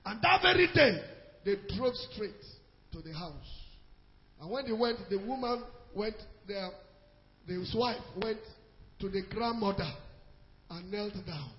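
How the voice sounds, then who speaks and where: A man with a Nigerian accent preaching a sermon to a church, telling a story with hushed asides and shouted exhortations. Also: sits high, slow, long pauses, big-room sound, muffled recording. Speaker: pastor.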